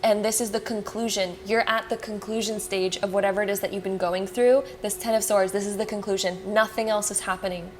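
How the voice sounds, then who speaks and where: A woman giving a casual pick-a-card tarot reading to viewers. She talks fast and with excitement, reassures them, and fills her speech with "like" and "you know.". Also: medium pitch, soft background music. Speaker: tarot reader.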